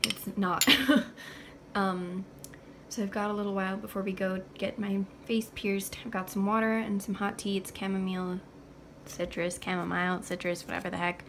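A woman's voice: mid-range voice, flat delivery, normal speed. Teen girl vlogging at home, nervous and chatty, lots of ums, faint hiss behind. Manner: nervous, chatty, many fillers. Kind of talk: casual vlog talk to camera.

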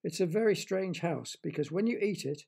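A man doing a cheeky loud talking frog. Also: high-pitched, moderate pace, gravelly, breathy edge, voice pushed up, exaggerated voice. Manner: loud, excitable, shouting.

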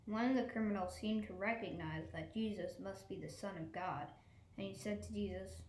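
A woman narrating a church pageant in a measured storytelling voice. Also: mid-range voice, a little mellow, slight background noise. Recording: echoey church.

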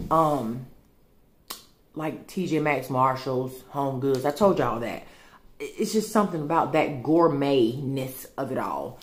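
A woman's voice: sits low, slight background noise. A woman, chatting casually to her viewers at home, rambling and a little out of breath. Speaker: vlogger. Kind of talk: casual chat to camera. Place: home, at a table.

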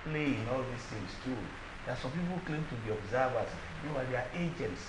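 A Nigerian man on a TV panel, at a middle pitch, searching for his words with plenty of filler sounds. His voice rings in an echoey room over a steady hiss. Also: quick pace. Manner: hesitant, many fillers. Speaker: panel guest. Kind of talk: TV panel discussion.

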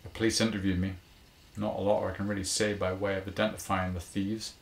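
A man's voice: sits low, level tone, brisk, gravelly, echoey room. A man voicing a wry, down-and-out dog walker. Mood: dejected. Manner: wry, joking banter, turning glum. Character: down-on-his-luck male dog walker, former restaurateur.

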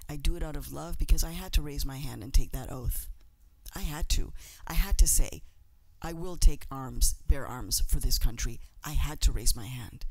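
A woman's voice: a bass voice, moderate pace, few pauses, breathy edge, no echo, rough recording. Passionate middle-aged woman speaker. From Mexico. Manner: passionate, emphatic, repeats phrases. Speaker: journalist and speaker. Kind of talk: emotional symposium speech.

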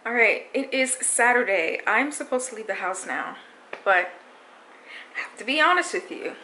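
A woman's voice: on the high side, animated, normal speed, poor audio. Chatty young New woman vlogging. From New York City. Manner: candid, chatty, talks straight to viewers. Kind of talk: casual vlog chat to camera. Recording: loud background noise, handheld vlog.

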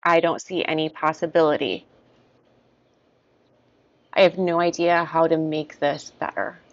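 A woman guiding an EFT tapping session, repeating short first-person statements about stress in a steady rhythm. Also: deep voice, a little slow, dry recording. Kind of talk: guided tapping, spoken affirmations. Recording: dull lo-fi sound, dry.

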